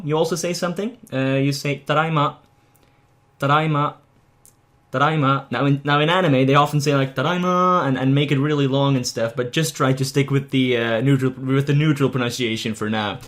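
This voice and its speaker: A young man giving a casual video language lesson, chatty and halting, with many fillers and restarts. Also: medium pitch. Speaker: language teacher.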